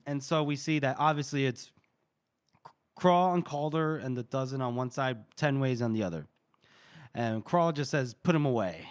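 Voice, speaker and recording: A man's voice: a little high, clean tone. A man co-hosting a podcast, casually recapping a book chapter and swearing freely as he jokes his way through it. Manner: loose and joking, acting out quoted lines and swearing freely. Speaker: podcast co-host recapping a fantasy novel. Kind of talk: casual chat.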